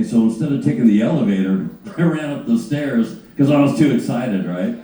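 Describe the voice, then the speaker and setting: A man spins an animated, profane anecdote, stumbling through restarts as he goes. His voice is low and mellow. He is heard from a distant mic in a very echoey room. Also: brisk. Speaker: guitarist panel guest. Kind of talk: anecdote storytelling. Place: panel on a cruise ship.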